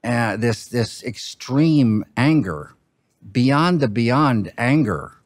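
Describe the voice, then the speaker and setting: A film director talking in an interview, thoughtful and halting, breaking off words as he muses. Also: mid-range voice, animated, dry recording. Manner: slow, halting, musing, with broken-off words. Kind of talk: reflective interview talk.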